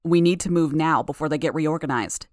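Woman doing a gruff young villain guy. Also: deep voice, a little fast, dry recording, studio quality, natural voice. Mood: urgent, angry. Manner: gruff, growling. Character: brooding young male villain with echoing voice.

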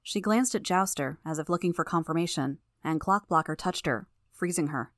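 A woman narrating an audiobook in the first person, with steady, measured storytelling. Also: low voice, no echo, studio quality.

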